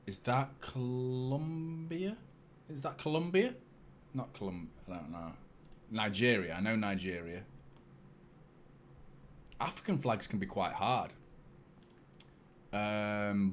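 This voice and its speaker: Speaking in a lowish, animated voice, this young fan channel host takes his time and pauses often, with a little hiss or hum in the background. During his watchalong live stream he chats casually, curses freely, and jokes at his own expense with viewers.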